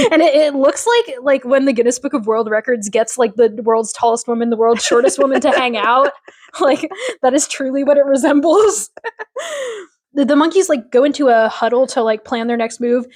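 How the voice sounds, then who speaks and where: Female podcast co-host, raised pitch, opinionated casual recap delivery. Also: animated, moderate pace. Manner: opinionated, rambling, lots of fillers. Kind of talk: casual chat recapping a TV episode.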